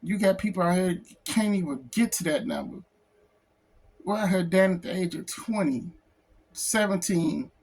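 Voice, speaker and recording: A man who is a comic book artist, talking in an emotional personal vlog, close to tears, halting and repeating himself. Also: sits high, darkish tone, breathy edge. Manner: halting, repeats phrases, says "man" a lot. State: tearful, close to crying.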